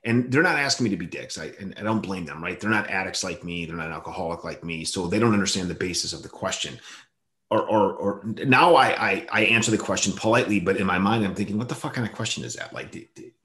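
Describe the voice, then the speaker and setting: A man's voice: sits low, quick pace, fairly bright tone. A man hosting a casual conversation, blunt and profane, often stammering as he restarts his sentences.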